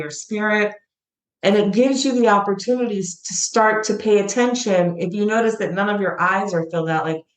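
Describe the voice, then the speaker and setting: Earnest woman telling a story, roomy sound. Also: mid-range voice. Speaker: guest, founder of a gratitude platform. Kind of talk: heartfelt storytelling in an interview.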